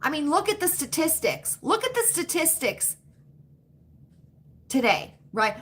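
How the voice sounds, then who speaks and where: Woman, 50s, livestream host, bright high voice, chatty and emphatic with her chat. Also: big pitch swings. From United States. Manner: chatty, talks straight to chat, drawn-out emphatic asides. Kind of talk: casual livestream chat with viewers.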